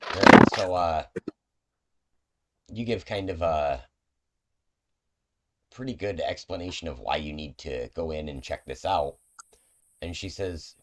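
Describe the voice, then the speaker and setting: A man's voice: very deep voice, a little slow, long pauses, fairly bright tone. A man narrating as game master of a tabletop game, loose and full of fillers.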